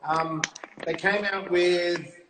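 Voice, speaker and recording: An upbeat man, a guest promoting his product in a casual live-stream chat. His voice sits a little high for a man. He is recorded in a roomy, echoey space with faint background hiss. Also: steady tone, takes it slowly.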